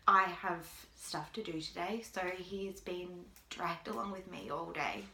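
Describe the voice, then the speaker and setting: A mother talking to camera in a halting way, with long pauses, holding back tears. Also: on the low side, steady tone, pushed and bright, a little hiss or hum. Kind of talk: personal video appeal. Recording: echoey room.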